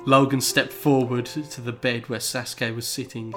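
A man's voice: medium pitch, flat delivery, normal speed, over music. Man giving a mock-serious comic reading. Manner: mock-serious, breaking into laughter. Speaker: reader. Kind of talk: comedic dramatic reading of fan fiction.

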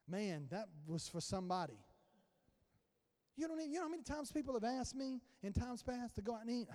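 A man's voice: very high voice, expressive, brisk, a little mellow, in a large hall. A male pastor preaching a conversational sermon and acting out little dialogues. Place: church sanctuary.

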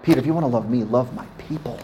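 A man's voice: medium pitch, very fast, warm tone, dull audio, a little hiss or hum. Male pastor preaching conversationally. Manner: conversational preaching, asks the congregation questions. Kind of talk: sermon.

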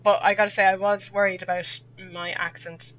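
Podcast guest: woman with a West of Ireland accent, chatty and rambling, bright tone, dull lo-fi sound with faint hum. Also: medium pitch, flat delivery, a little fast. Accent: West of Ireland, Sligo. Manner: chatty, rambling, laughs often. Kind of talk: casual podcast chat.

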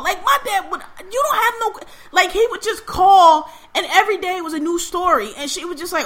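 Woman, casual chat, high and bright, animated storyteller who acts out the dialogue. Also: brisk, few pauses. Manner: animated storytelling, acts out quotes, swears freely; laughs often.

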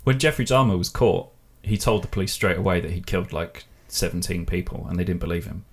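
A man's voice: deep voice, steady tone, fast talker, breathy edge. A man hosting a podcast in casual chat, teasing his guests with dry humour. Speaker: podcast host.

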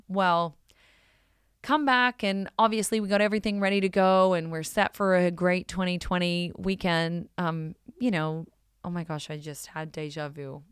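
Woman, low smooth voice, dry close sound; casual expressive storyteller, lots of fillers. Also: no room sound. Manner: chatty, expressive, many fillers like "you know".

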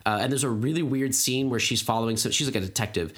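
A man's voice: medium pitch, fast, fairly bright tone. Podcast co-host, man, 30s: loose rambling casual chat, full of fillers. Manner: rambling, many fillers and restarts.

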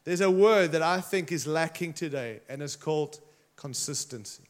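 A man preaching a sermon to a congregation, retelling a story in an energetic, conversational way. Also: fairly high pitch, normal speed.

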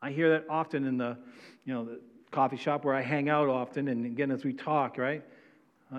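A man's voice: medium pitch, steady tone, brisk. Man, pastor, sermon, tags lines with "right?", long hall reverb, muffled recording. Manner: reads scripture then explains with frequent "right?" tags.

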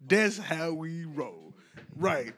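A man giving casual, animated sports commentary, rambling and colloquial. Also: a little high, extremely slow. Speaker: basketball commentator.

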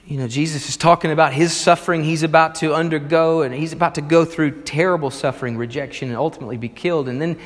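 A male pastor preaching a sermon, retelling a story with animated, emphatic delivery. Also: fairly high pitch, quick pace, few pauses, big-room sound.

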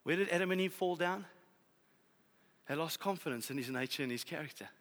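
A man preaching a sermon, telling a story with lively swings from loud to hushed. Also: a little high, brisk. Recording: long hall reverb.

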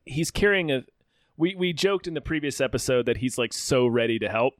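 Podcast dude cracking jokes, bouncy voice, dry close sound. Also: male voice, mid-range voice, expressive, dry recording. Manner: joking, quick comebacks. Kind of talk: casual chat.

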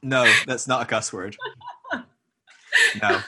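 A man's voice: mid-range voice, slow pace, very noisy. A Scottish man hosting a podcast interview, talking casually and animatedly and laughing often. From Scotland. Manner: animated, laughs often, quotes himself in mock voices. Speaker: podcast host.

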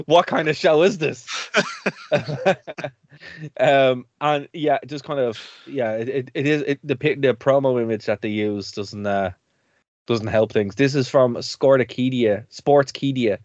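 A man's voice: medium pitch, a little slow, darkish tone, dry recording, lo-fi sound. A man hosting a radio and podcast show, chatting casually, rambling and laughing often. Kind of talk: casual chat.

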